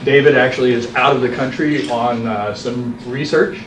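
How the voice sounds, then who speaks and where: A man's voice: mid-range voice, moderate pace. A man opening a seminar as its moderator, hesitant, with many uh fillers. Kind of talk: introducing a seminar. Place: seminar room. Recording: echoey room, distant mic, steady noise.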